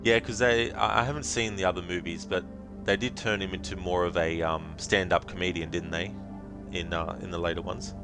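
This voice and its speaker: A man's voice: low-pitched, fairly even intonation, a little fast, music in the background. An Australian man streaming a game, chatting casually with viewers in a rambling way. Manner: rambling, full of fillers.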